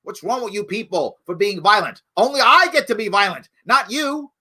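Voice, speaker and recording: Middle-aged guy ranting on his live show, pitch all over the place, bright edgy voice. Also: animated, normal speed, slightly rough. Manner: emphatic and preachy, jumps from loud outrage to low hushed pleas. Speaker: host of a live talk show. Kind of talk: impassioned solo commentary.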